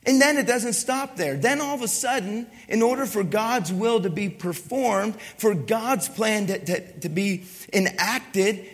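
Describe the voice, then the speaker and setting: A pastor with a high-pitched voice gives a lively, conversational sermon, a little slow and with few pauses. He performs the voices of his story's characters and seeks the congregation's agreement, his words echoing through a big hall.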